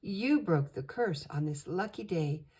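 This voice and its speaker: A woman's voice: measured pace, breathy edge. An older woman voicing a timid female wish-granting spirit who frets nervously. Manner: nervous, fretful, high and excited.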